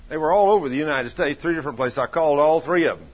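Male pastor, storytelling sermon delivery, husky tone, slightly muffled lo-fi recording. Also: fairly high pitch, very fast. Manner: folksy storytelling preacher, swings from loud to hushed.

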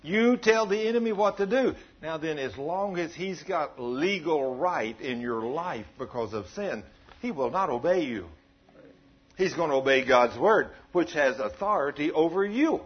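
A man's voice: a little high, animated, unhurried, husky, highs cut off. A man preaching a sermon in a folksy, conversational way, joking with his congregation.

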